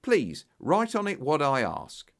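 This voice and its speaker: An eager, flattering businessman bursting with exclamations, as a male narrator puts him on, his pitch leaping high and low with lively swings. The storybook voice is animated and persuasive, every offer sounding grand. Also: slow pace, full character voice. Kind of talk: audiobook character voice.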